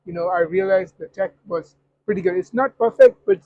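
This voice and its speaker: A man's voice: sits high, brisk, dull audio, a little hiss or hum. A man being interviewed, speaking hesitantly with many fillers and restarts. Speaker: guest. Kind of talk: casual interview.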